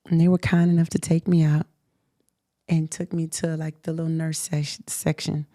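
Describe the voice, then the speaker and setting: A young adult woman hosting a show, telling a personal story in a candid interview, animated and emphatic, laughing often. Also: deep voice, normal speed, no room sound, studio quality. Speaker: host.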